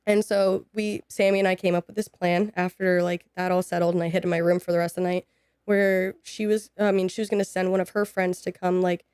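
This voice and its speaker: Woman, twenties, podcast guest, casual storytelling, acts out dialogue, smooth clear voice, dry sound. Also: on the low side, brisk, no echo. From United States. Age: 20s. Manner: animated, acts out quoted dialogue.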